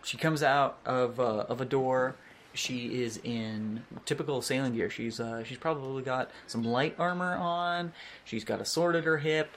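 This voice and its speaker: A man's voice: mid-range voice, unhurried, a bit bright, slight background noise. A man narrating a tabletop game as game master, in a hesitant, filler-heavy way.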